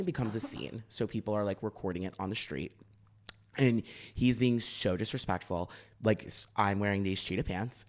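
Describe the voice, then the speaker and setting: Animated young Philly man telling stories. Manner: animated, acts out quotes with big shifts in pitch. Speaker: podcast co-host. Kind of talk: casual storytelling chat.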